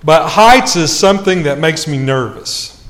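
A man preaching a sermon, telling a self-mocking story with lively swings in his voice. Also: on the high side, unhurried.

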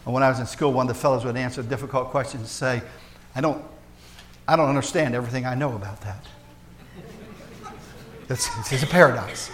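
A man preaching a sermon as pastor, folksy and joking with the congregation, swinging between loud emphasis and soft, hushed asides. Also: medium pitch, fairly quick, long pauses, a little hiss or hum. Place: church.

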